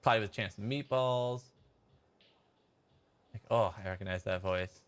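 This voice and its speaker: A man's voice: lowish voice, a little slow, clear, resonant tone. A man chatting casually as he streams a game and reads out chat messages. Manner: chatty, rambling, laughs, reads chat aloud. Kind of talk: casual gameplay commentary.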